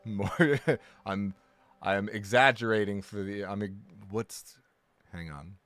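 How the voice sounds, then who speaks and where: A man's voice: on the low side, slow pace, a bit bright, dry recording, soft background music. A man chatting casually on a live stream, rambling, correcting himself often and joking along with his chat. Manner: rambling, self-correcting, jokey.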